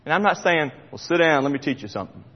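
A middle-aged man preaching a sermon, passionate, swinging between loud and hushed near-whispers. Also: fairly high pitch, lively intonation, fast. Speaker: pastor. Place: church sanctuary. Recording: dull sound with long hall reverb.

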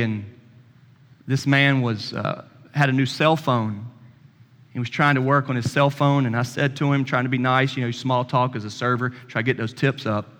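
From the pulpit, a pastor in his thirties tells a personal story in a folksy, conversational sermon, acting out the other person's lines as he goes. His mid-pitched, fairly bright voice rings with the long reverb of a church hall.

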